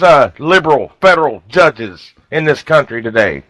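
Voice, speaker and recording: Male talk radio host, folksy and heated, slightly high voice, dry close mic. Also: animated, moderate pace, hardly any pauses, bright, forceful tone, no room sound, rough recording. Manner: folksy, fired-up, keeps saying "you guys".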